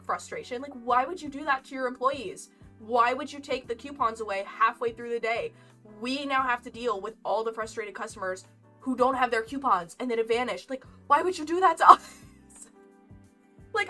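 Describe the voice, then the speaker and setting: Bright young woman chatting casually. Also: fairly high pitch, fairly quick, recorded from a distance. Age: young adult. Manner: chatty, rambling with many likes and laughs. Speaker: streamer. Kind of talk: casual storytime chat. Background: lo-fi game music.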